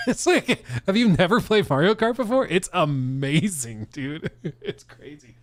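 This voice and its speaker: Animated, incredulous male streamer. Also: on the high side, measured pace. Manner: animated and incredulous, laughs often, says "dude". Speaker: streamer reacting to videos. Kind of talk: casual live-stream commentary.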